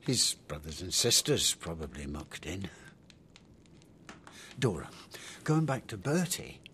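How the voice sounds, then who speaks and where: Modest screenwriter in a radio play, hesitant, expressive pitch. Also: male voice, slow pace, a little hiss or hum, full character voice. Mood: polite. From English Midlands. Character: modest young male screenwriter interviewing an older woman. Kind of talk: radio drama acting.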